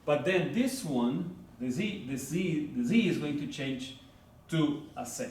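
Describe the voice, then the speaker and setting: Male teacher walking a class through grammar, slow, keeps asking "right?", echoey room, mic far off. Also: on the high side, animated, darkish tone. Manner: slow and deliberate, repeating words, checking in with "right?" and "okay?". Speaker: Spanish teacher. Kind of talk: classroom lecture. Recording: echoey room, voice from far off, faint background noise.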